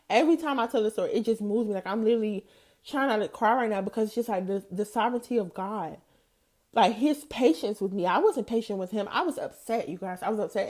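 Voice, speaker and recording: Chatty woman telling a faith story. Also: medium pitch. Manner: animated, chatty, addresses listeners as "you guys". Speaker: podcast host. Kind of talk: faith-based storytelling monologue.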